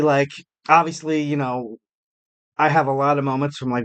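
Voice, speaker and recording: A man hosting a wrestling podcast in a casual, chatty way, with lots of fillers and restarts and some jokes at his own expense. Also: mid-range voice. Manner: chatty, many fillers and restarts, jokey self-mockery.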